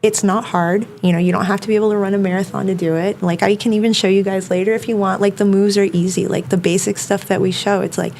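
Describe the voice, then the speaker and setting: A woman's voice: medium pitch, flat delivery, quick pace, vocal fry, hardly any pauses, darkish tone, a little hiss or hum. A woman self-defense instructor talking casually as a podcast guest, filling her speech with "like" and "you know.". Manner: chatty, many fillers like "like" and "you know".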